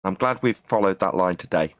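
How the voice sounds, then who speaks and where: A man's voice: sits low, brisk, no room sound. A man chatting on a live stream with dry, sarcastic humor. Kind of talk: casual live-stream chat.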